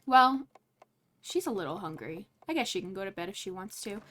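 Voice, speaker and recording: A woman's voice: mid-range voice, big pitch swings, moderate pace, sharp tone, a little hiss or hum. A woman giving casual let's play commentary, chatting and reacting aloud with frequent laughs and exclamations. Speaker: gaming channel host.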